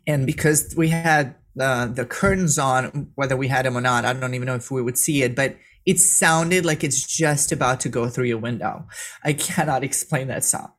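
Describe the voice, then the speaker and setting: A middle-aged woman from Serbia, a guest telling a personal story in an earnest way, halting and restarting as she gets emotional. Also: very deep voice.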